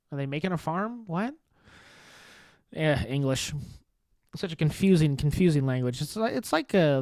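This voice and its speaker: A man with a slightly high voice riffs alone on his podcast, sarcastic and deadpan, tripping over restarts and swearing freely. The mic sits close and the sound is dry, with no room around him. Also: no room sound. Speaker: podcast host. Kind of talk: sarcastic solo comedy podcast monologue.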